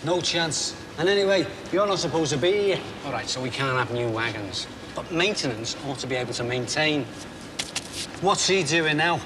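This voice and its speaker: An actor playing a blunt, nagging lorry driver and former shop steward. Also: male voice, on the high side, expressive, moderate pace, natural voice. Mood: grumbling. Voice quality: blunt, needling. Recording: TV drama with clear background noise.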